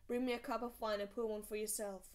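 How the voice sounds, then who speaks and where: A woman's voice: medium pitch, flat delivery, fast talker, natural voice. A woman doing a growling old lord commander. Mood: gruff. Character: gruff old male lord commander, blunt.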